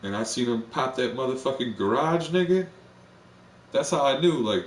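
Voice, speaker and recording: A man's voice: medium pitch, expressive, normal speed. A man live streaming, chatting casually in a rambling, profane way full of slang. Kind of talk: casual chat. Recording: roomy, distant mic with faint ambience.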